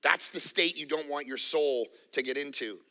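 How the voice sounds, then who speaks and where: Animated pastor with a bright, gravelly voice. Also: male voice, fairly high pitch, normal speed. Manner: animated, acts out voices and jokes. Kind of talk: sermon. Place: church auditorium.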